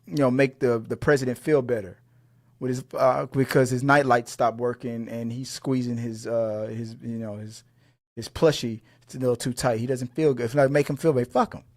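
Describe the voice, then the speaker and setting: A man's voice: mid-range voice, steady tone, moderate pace. A man co-hosting an entertainment news show, talking in heated casual commentary, profane and full of stammered restarts. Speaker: co-host of movie news show.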